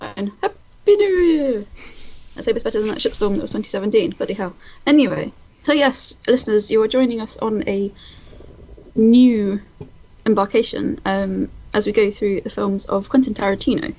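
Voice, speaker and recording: A woman's voice: medium pitch, brisk, darkish tone, muffled recording. A woman from the UK co-hosting a casual film podcast, giggly and swearing freely. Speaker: podcast co-host.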